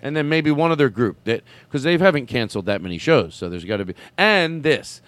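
A man's voice: mid-range voice, expressive, brisk, fairly bright tone, no room sound. A man hosting a podcast in casual chat, rambling and stammering with frequent laughs. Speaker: podcast host.

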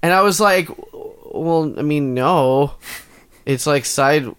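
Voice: mid-range voice, slow, fairly bright tone, clean tone. A podcast co-host in casual chat who giggles often, speaks bluntly and swears casually.

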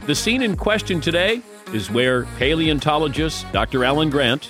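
A man's voice: on the high side, lively intonation, moderate pace, fairly bright tone, soft background music. A man interviewing an actor, asking engaged questions.

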